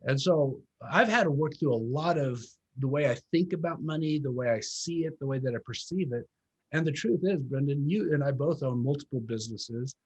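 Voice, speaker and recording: A man in his fifties talks as an interview guest with a husky, breathy edge to his voice. His pitch sits a little high, and he tells his story earnestly, slowing right down to stress his main points. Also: darkish tone, lo-fi sound. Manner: earnest, reflective storytelling, emphatic slow emphasis. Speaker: guest, former pastor turned real estate business owner. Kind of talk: interview conversation.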